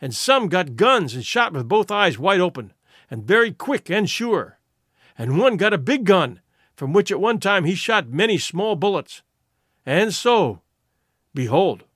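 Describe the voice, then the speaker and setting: A man reading the lines of a wounded, boastful village fighter in slow, solemn, formal speech. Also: sits high, big pitch swings, fairly bright tone, dry recording, studio quality, full character voice. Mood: grim.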